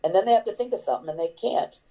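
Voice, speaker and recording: A woman's voice: medium pitch, rapid-fire, mellow, low-quality recording. An older woman, an actor, speaking candidly as an interview guest, earnest and reflective, with frequent fillers and restarts.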